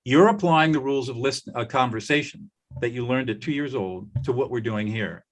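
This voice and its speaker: An older man, a conflict mediator, talking in a podcast interview and telling stories with lively acted-out quotes. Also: mid-range voice, fairly quick. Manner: animated storyteller, acts out quoted voices.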